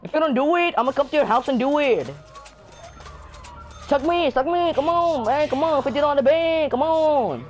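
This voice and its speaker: High-voiced rowdy teenage boy gamer. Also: moderate pace, slight background noise. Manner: rowdy, joking, rambling. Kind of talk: casual gameplay banter.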